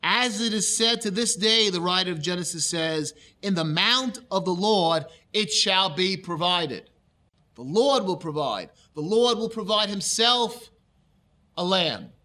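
High, bright-voiced male pastor preaching. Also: expressive. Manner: reads scripture slowly, then explains the Hebrew. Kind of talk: expository Bible sermon.

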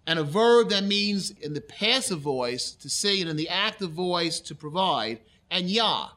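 A male pastor preaching a sermon, reading scripture aloud slowly and explaining the meaning of Hebrew words. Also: high voice, sharp tone. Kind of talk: expository Bible sermon.

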